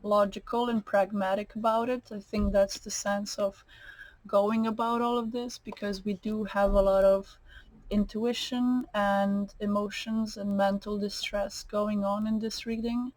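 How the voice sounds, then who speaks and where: A woman's voice: mid-range voice, flat delivery, measured pace, darkish tone, no echo, rough recording. A woman giving a tarot card reading, slightly nasal, meandering, with many fillers and restarts. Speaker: tarot reader.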